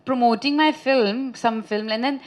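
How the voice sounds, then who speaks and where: A woman in her thirties from India, an actress chatting with reporters at a press meet, telling lively anecdotes and laughing often. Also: a little high, moderate pace, heavy background noise. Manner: chatty, laughing, animated storytelling.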